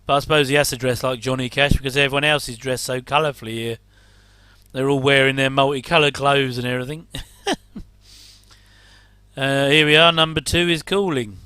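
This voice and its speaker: A man's voice: medium pitch, fairly even intonation, brisk, long pauses, bright, forceful tone, clean tone, no echo. A middle-aged English man rambling casually through a reaction commentary, with chatty, self-deprecating asides. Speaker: host.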